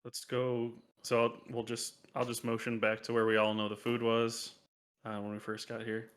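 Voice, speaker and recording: A man's voice: fairly low pitch, normal speed. Man player, casual, laid-back, narrates his own moves. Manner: relaxed, describes his actions. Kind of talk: casual tabletop game chat.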